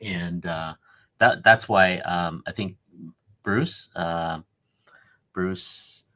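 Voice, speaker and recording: A man chatting on a video hangout, telling an animated story with frequent laughs. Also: deep voice, drawn-out words. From Canada. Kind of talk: casual chat on a video hangout. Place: home, joined by video call.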